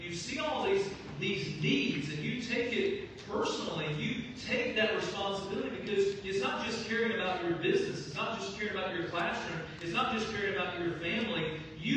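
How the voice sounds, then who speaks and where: A male pastor preaching a sermon in a church, telling stories in a lively way and often repeating his phrases. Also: sits high. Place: church sanctuary. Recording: echoey hall from far off, noisy.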